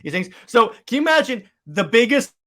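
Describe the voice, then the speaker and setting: A man co-hosting a podcast in casual chat, talking excitedly with many stammered restarts. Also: very high-pitched, brisk. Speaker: podcast co-host.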